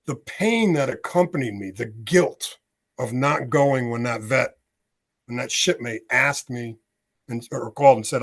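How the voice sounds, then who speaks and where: A man's voice: mid-range voice, slow. A man in his sixties from the United States, an author and veteran telling his story as a podcast guest, acting out the dialogue as he goes. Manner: animated storyteller, acts out dialogue.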